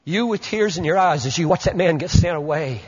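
A man preaching a sermon as pastor, with emphatic stresses that drop into hushed asides. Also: fairly high pitch, animated, fairly quick, husky. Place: church sanctuary. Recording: muffled lo-fi recording in an echoey hall.

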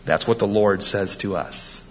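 A man's voice: fairly low pitch, a little slow, a bit bright, lo-fi sound, slight background noise. A man preaching a sermon, emphatic and quoting scripture with rising force. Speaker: pastor.

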